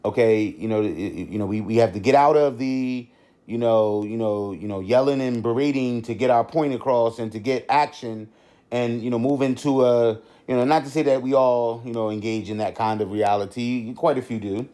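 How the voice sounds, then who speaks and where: A middle-aged man hosts a podcast, talking off the cuff with a mellow, darker tone. He rambles through restarts and leans on "you know" again and again, at a mid pitch. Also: steady tone, moderate pace. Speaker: podcast host. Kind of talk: unscripted podcast monologue.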